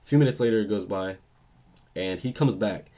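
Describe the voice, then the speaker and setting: A man's voice: lowish voice, a little fast, warm tone. A young man vlogging, telling a personal story in a casual, rambling way with frequent restarts and self-corrections. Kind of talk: story time vlog.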